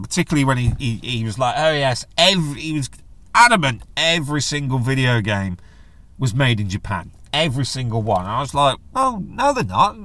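A man's voice: mid-range voice, pushed and bright. A middle-aged man, hosting a casual solo podcast in a jokey, rambling manner. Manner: chatty, jokey, does silly voices when quoting others. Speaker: podcast host.

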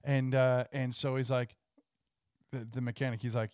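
A man co-hosting a podcast, telling a story in a relaxed, casual way. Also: medium pitch, normal speed, clean tone, no room sound, clean studio sound. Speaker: podcast co-host. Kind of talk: casual chat.

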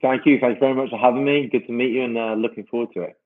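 A man's voice: medium pitch, fairly even intonation, very fast. A man from the United Kingdom, a rugby player guest, answering interview questions casually and modestly. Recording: dull lo-fi remote line.

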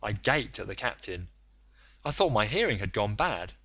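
A man's voice: on the low side, sing-song, moderate pace, pushed and bright, no room sound, lo-fi sound. A man reading a first-person adventure novel aloud, telling it in an earnest, dramatic way. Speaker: audiobook narrator. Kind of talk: first-person audiobook narration.

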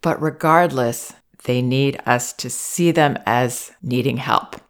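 A woman giving calm, measured parenting advice, gently acting out what children and parents might say. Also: very deep voice. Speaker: parenting advisor.

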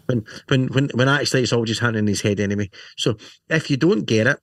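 A man's voice: mid-range voice, quick pace, no room sound, clean studio sound. Rambling, jokey man. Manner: jokey, rambling, lots of "you know" and "right?". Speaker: podcast co-host. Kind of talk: casual chat about motorcycle gear.

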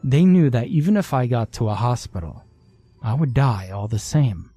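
A man reads a first-person horror story in a measured, unhurried voice that is dark and husky. The sound is dry and close, with faint music playing under him. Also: mid-range voice, animated, no room sound. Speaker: narrator. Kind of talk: scripted horror story narration.

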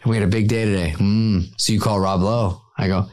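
Man, low voice, storytelling, profane, acts out quoted lines. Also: steady tone, fairly quick, a little mellow. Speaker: guest telling an anecdote. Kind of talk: storytelling in an interview clip.

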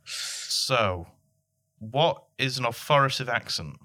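A man co-hosts a comedy podcast with dry, laid-back remarks. His voice is strikingly bright and sharp at a middle pitch. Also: animated, slow pace. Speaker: podcast co-host.

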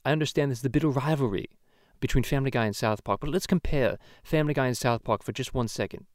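A man's voice: medium pitch, fast talker, a little mellow, no echo, clean studio sound, close to an everyday voice. A man voicing a foul-mouthed cartoon baby, ranting profanely and rambling in a comedic podcast. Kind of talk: comedic podcast rant in character.

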